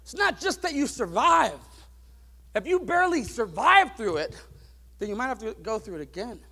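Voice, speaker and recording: A preacher man with a strikingly high voice and a gravelly edge. His pitch moves in lively leaps as he shifts from hushed, reflective talk to loud, driving calls to the congregation. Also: moderate pace. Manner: swings from soft musing to loud preaching peaks. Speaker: pastor. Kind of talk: sermon.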